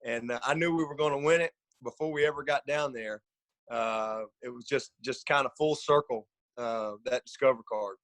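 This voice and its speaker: A middle-aged man, a football coach guest telling stories in a casual podcast chat, animated and lively. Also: normal speed, no room sound. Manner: animated storyteller, voices his own shouts high and loud.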